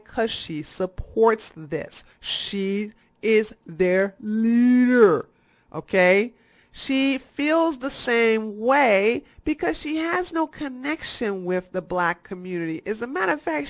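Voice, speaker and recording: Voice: mid-range voice, fairly bright tone, no echo. Profane, sarcastic ranting vlogger. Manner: talks fast in bursts. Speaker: YouTube commentator. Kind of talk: satirical ranting commentary.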